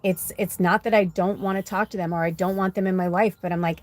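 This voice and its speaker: A woman speaking as a spiritual medium in a frank, unfiltered monologue. She is casual and profane, full of fillers, and hammers points home by repeating herself. Her pitch sits in an ordinary middle range. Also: steady tone, quick pace, hardly any pauses. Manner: blunt and profane, with frequent "like" and "you know"; emphatic, repeating phrases for effect. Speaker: spiritual medium and card reader. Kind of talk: candid personal monologue during a card reading.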